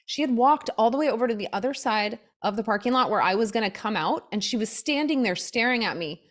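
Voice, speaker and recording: On this podcast, a young female co-host with a voice on the high side chats casually and quickly. She's a lively storyteller who performs the voices of the people she describes.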